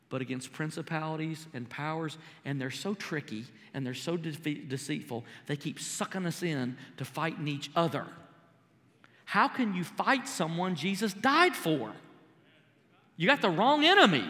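A man preaching a sermon with a high, bright, ringing voice that climbs as he presses his point to the congregation. He is recorded live in a large church hall, with a long reverb and faint music underneath. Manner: preaches with rising intensity, calls out to the congregation. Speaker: pastor.

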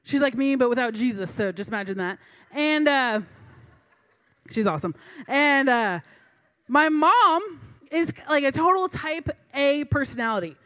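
A woman's voice: high voice, animated, measured pace, a bit bright. A young adult woman giving a sermon through a funny personal story, chatty and self-mocking, laughing between lines. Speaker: preacher.

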